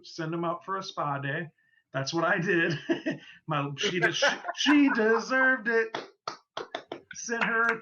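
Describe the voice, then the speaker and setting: A man's voice: sits high, pushed and bright, dull audio, a little hiss or hum. A man co-hosting a casual podcast, telling rambling stories and swearing casually. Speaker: podcast co-host.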